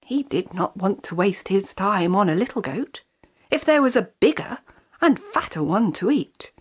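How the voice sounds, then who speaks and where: A woman storyteller telling a children's fairy tale in an expressive, animated manner. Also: medium pitch, moderate pace, husky.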